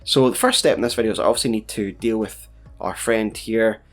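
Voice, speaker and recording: A man's voice: on the low side, fairly quick, faint music behind. A man casually commenting on his gameplay as a gaming YouTuber, chatty and laid-back with playful asides.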